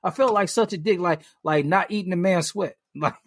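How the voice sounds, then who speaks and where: Man, casual podcast storytelling, animated, rambling with fillers, slightly high voice, dry sound. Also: a little fast, dry recording. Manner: animated, lots of fillers and restarts, swears freely. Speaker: podcast co-host.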